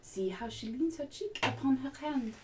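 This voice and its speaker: A woman's voice: sits high, animated, normal speed, warm tone. Romeo, a woman doing a French-accented lovesick youth. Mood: yearning. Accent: put-on French. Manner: theatrical recitation of verse. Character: young male lover Romeo, ardent and poetic. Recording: voice far from the mic.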